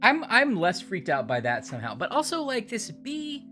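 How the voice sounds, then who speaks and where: A woman's voice: mid-range voice, wildly swooping pitch, moderate pace, sharp tone, soft background music. A woman chatting casually while playing a game, rambling and chatty. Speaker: game streamer.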